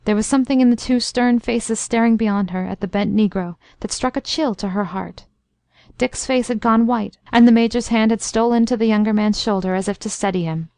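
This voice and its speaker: A woman narrating a classic story in a measured, expressive reading. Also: medium pitch, no room sound. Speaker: audiobook narrator. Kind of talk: scripted narration.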